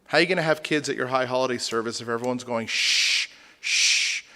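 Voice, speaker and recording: A man's voice: mid-range voice, racing, pushed and bright. A man, a rabbi, lecturing a congregation with humor and rhetorical questions. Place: synagogue hall. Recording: long hall reverb.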